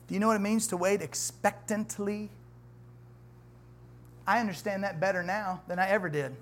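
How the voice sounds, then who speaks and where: Animated, joking preacher in a church. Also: medium pitch, moderate pace. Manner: animated, conversational preaching with humor and asides to the congregation; reads scripture aloud with rising emphasis. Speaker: pastor. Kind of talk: sermon.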